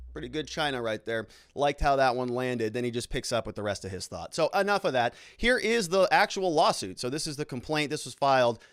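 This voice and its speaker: A man's voice: mid-range voice, a bit bright, smooth, no room sound, clean studio sound. A man hosting a casual legal commentary show, chatty and amused, talking straight to his viewers. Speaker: lawyer and show host.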